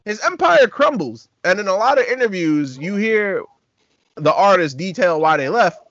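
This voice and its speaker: Animated man telling stories in casual chat. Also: high-pitched, moderate pace, no echo, highs cut off. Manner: animated, acts out quotes with laughter. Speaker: podcast co-host.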